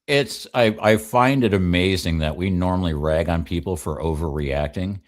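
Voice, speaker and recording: Very deep-voiced wry male panelist. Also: normal speed. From Oregon. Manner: wry, joking, laughs often. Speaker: regular panelist. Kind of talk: casual panel talk.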